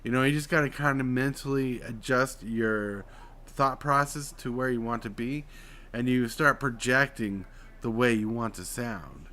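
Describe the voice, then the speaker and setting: A man's voice: mid-range voice, unhurried. Man from Utah chatting on a live stream. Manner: explains voice technique, swings between flat drawl and excited emphasis. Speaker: streamer host. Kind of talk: casual live-stream chat.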